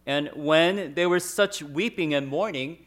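A man interpreting a sermon phrase by phrase, measured and steady, at times reading scripture aloud. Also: fairly high pitch.

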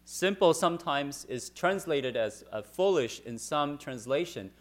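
A man interpreting a sermon phrase by phrase, measured and steady, at times reading scripture aloud. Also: fairly high pitch.

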